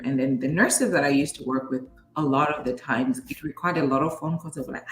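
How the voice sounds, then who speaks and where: A woman's voice: deep voice, brisk, hardly any pauses, slight background noise. A woman from Zambia with a Zambian accent, co-hosting a talk show in casual chat and animatedly acting out the exchanges she describes. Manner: animated, acts out quoted exchanges. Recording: echoey room.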